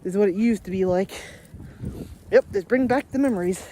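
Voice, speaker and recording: A chatty woman talks into a handheld camera as she trudges through a snowstorm. Her voice sits at an ordinary middle pitch, broken up by frequent laughs, with faint outdoor noise behind her. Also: brisk, warm tone. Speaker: daily vlogger. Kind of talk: casual vlog chat while walking outdoors. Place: outdoors in deep snow during a snowstorm.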